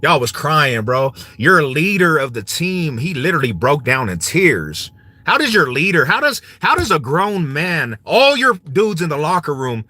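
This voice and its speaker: A man with a bright, forceful voice trash-talks in a casual vlog rant, his pitch swinging widely and sitting a little high. He mocks and swaggers, piling on slang and breaking into laughter. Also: sing-song, normal speed. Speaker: vlogger.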